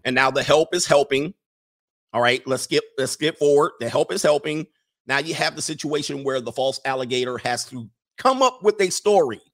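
A man's voice: a little high, expressive, normal speed. Chatty man commenting over film clips. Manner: chatty, repetitive, drops into character voices. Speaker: video commentator.

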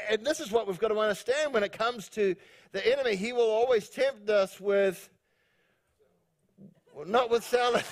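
A male pastor from New Zealand preaching a sermon in a joking, rambling way, laughing often and restarting his sentences. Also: sits high.

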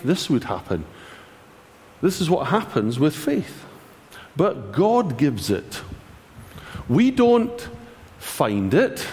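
Man, preacher, high lively voice, sermon in a long-echo hall. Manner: animated and conversational, wry asides.

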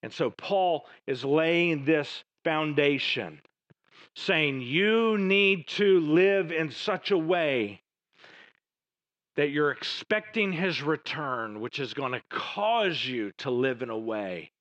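A man preaching a sermon, moving between raised emphatic lines and hushed, low passages. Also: expressive, slow pace, dull audio. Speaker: pastor.

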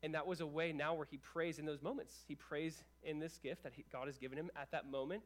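A man with a notably high voice delivers a sermon as pastor. His talk is earnest and casual, full of restarts and "like"s. He moves between hushed, low stretches and raised, emphatic ones. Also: steady tone, a little fast. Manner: earnest, conversational preaching with many restarts and "like"s.

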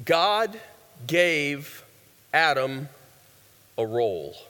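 A man's voice: on the high side, big pitch swings, very slow, bright, forceful tone, smooth. A man preaching a sermon in a conversational way, asking the audience questions and joking. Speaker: pastor. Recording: long hall reverb.

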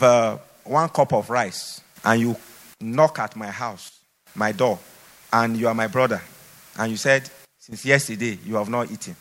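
A man's voice: mid-range voice, a bit bright. Man preaching in an echoing hall. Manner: emphatic, repetitive exhortation. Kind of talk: sermon. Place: church hall. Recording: long hall reverb.

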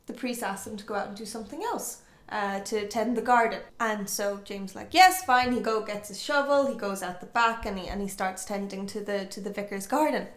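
Woman spinning a folk tale, lively, does the voices, echoey room. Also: mid-range voice, a little fast, few pauses. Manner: lively, acts out voices, laughs often. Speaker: storyteller. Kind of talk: animated folk tale telling among friends. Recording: roomy echo.

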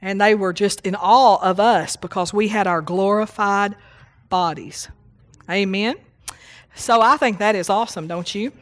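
A woman's voice: medium pitch, a little slow. A woman preaching a sermon, reading scripture and teaching with emphatic repetition and call-outs to the congregation.

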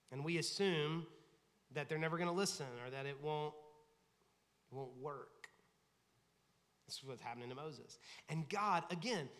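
Bright-voiced man preaching in a reverberant hall. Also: fairly high pitch. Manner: conversational preaching, acts out quoted voices. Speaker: lead pastor. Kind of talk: sermon. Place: church sanctuary.

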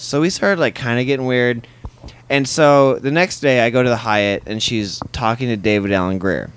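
A man's voice: mid-range voice, moderate pace, smooth. A man, a comedian, telling a rambling, profane anecdote in drunken casual chat in a hotel room, acting out the lines of the people in it. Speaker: comedian guest.

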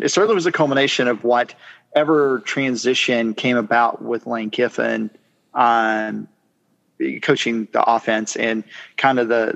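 A man's voice: mid-range voice, creaky, fairly bright tone, highs cut off. Man, podcast co-host, casual sports chat, rambling, thoughtful.

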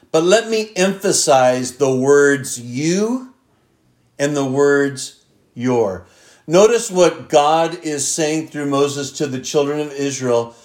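A pastor delivers a sermon at an unhurried pace. He is a man with a fairly high voice, and he stretches the words he wants to stress. His voice echoes around a roomy church sanctuary. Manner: emphatic scripture reading, stretching key words.

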